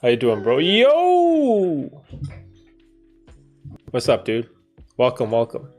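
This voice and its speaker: A man hosting a casual livestream, laid-back and playful with slangy banter, gentle when he talks to young children. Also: medium pitch, huge pitch swings, slow, soft background music. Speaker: livestream host.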